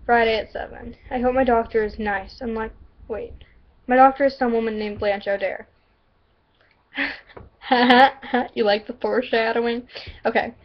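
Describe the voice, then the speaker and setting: A woman's voice: on the high side, steady tone, measured pace, long pauses, highs cut off. A woman from the Southern US vlogging and reading her own story aloud, chatty and giggly, often interrupting herself. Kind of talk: casual vlog and story reading.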